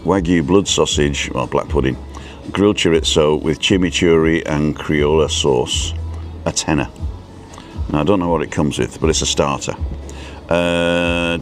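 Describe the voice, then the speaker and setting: Deep-voiced man chatting casually on a live stream. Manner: reads a menu aloud and chats with viewers. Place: outdoors at a scenic viewpoint cafe.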